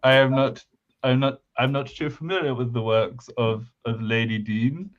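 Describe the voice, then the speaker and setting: A man co-hosting a casual chat, speaking hesitantly with many pauses and fillers. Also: medium pitch, fairly even intonation, slight background noise. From United Kingdom. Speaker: podcast co-host. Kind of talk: casual chat about language building. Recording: slightly dull lo-fi mic.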